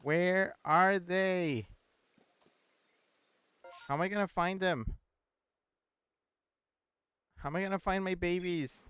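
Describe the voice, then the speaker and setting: A man streaming a video game, chatting excitedly, repeating words and reading the chat aloud. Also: high-pitched, normal speed, pauses often, smooth. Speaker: gaming streamer. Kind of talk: excitable live gameplay chat.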